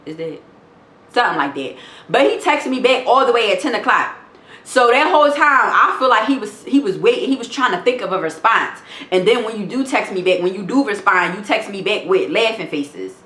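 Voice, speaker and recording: A woman's voice: mid-range voice, animated, a little fast, bright, forceful tone. A young woman telling a storytime vlog, reading text messages aloud in a blunt, profane, indignant way. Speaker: vlogger. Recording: roomy echo.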